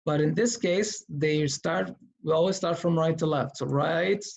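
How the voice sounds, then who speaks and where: A man teaching Quran reading in a slow, step-by-step tutorial, patiently thinking aloud as he writes. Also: on the high side, vocal fry.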